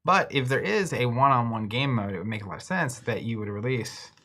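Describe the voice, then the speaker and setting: A man co-hosting a relaxed tabletop card game stream, thinking out loud with easy enthusiasm. His voice has a bright, forward tone. He keeps the chat loose and conversational. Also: medium pitch, brisk. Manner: chatty, animated speculation. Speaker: co-host. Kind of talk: casual chat.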